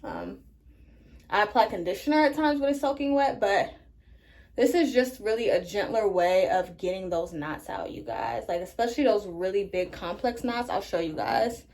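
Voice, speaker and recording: A woman's voice: medium pitch, moderate pace, a little mellow. A woman vlogger chatting casually through a hair care tutorial, talking straight to her viewers. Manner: chatty, addresses viewers as you guys. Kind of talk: casual tutorial talk to camera.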